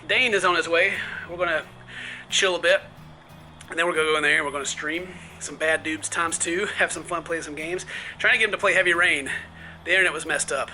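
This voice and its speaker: A young man from the southern United States chatting and explaining in a relaxed way on an outdoor porch at night, sometimes dropping to quiet asides. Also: fairly high pitch, a little hiss or hum, poor audio. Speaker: vlogger. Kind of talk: casual vlog chat.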